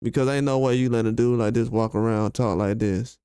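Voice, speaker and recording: A man's voice: medium pitch, steady tone, brisk, mellow, smooth, no room sound, studio quality. A man hosting a commentary video, ranting in a heated, slangy, emphatic way and repeating his points. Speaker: commentary channel host. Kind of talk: casual commentary rant.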